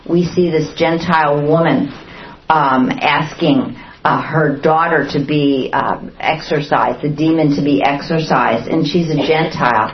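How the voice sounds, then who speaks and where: A woman's voice: deep voice, a little slow, slight background noise. A woman teaching a Bible study to a group, often asking the listeners questions and acting out the quotes she reads. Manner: asks the listeners many questions, acts out quotes. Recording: roomy, dull lo-fi recording.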